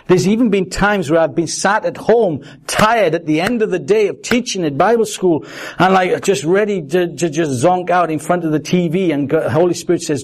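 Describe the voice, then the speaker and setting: A middle-aged man preaching a sermon, telling personal stories in an animated way and acting out the quotes. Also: on the high side, moderate pace. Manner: animated storytelling, acts out quotes.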